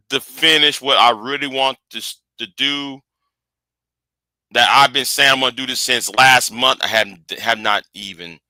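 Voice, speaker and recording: Early-40s man, home livestream host. Rambling, repeats himself, slangy, bright tone, dry close sound. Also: medium pitch, no echo. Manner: rambling, repeats words, talks to chat. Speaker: channel host. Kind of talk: casual livestream chat with viewers.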